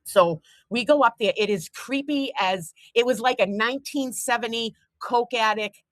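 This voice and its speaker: A woman's voice: fairly high pitch, normal speed, a bit bright, no room sound, low-quality recording. A woman, chatting bluntly and telling stories as a show host. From Boston. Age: 50s. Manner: chatty storyteller, blunt and profane. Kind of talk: casual chat on a livestream.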